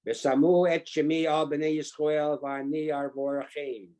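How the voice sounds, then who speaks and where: Man reciting a blessing in a steady voice. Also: fairly high pitch, measured pace. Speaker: regular participant reciting the blessing. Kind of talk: casual chat and liturgical recitation.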